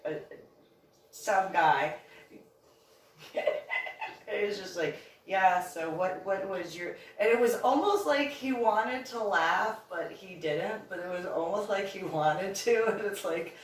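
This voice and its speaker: A woman's voice: mid-range voice, takes it slowly. A woman telling long personal stories in a rambling, casual way, laughing often and acting out the people she quotes. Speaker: channel host. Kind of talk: casual storytelling monologue. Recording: roomy echo, distant from mic, faint background noise.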